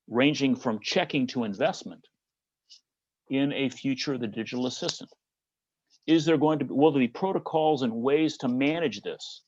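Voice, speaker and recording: A man with a Midwestern American accent delivers a conference keynote, pressing his audience with rhetorical questions. His voice sits at an ordinary pitch, recorded dry and close. The sound is dull and slightly lo-fi. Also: a little mellow, dry recording. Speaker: conference speaker.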